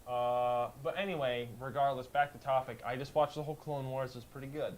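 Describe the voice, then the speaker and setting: A man co-hosting a casual podcast, retelling a show in a rambling, animated way and slipping into quick voices. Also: medium pitch, rough recording. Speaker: podcast co-host. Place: house with a kitchen fan running. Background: faint fan hum.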